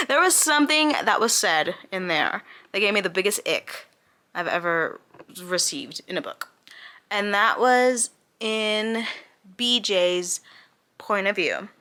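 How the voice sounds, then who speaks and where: Speaking directly to the camera, a young woman in her twenties who reviews books vents about one she didn't like, candid and exasperated, with laughter breaking up her casual, loose remarks. Her voice is medium in pitch, bright, and crisp.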